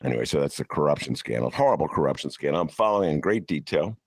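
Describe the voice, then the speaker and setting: A man's voice: a bass voice, animated, quick pace, vocal fry, slightly rough, dry recording. An older man hosting a political talk show, sarcastic and ranting. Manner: sarcastic, ranting, mocks people in put-on voices. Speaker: podcast host.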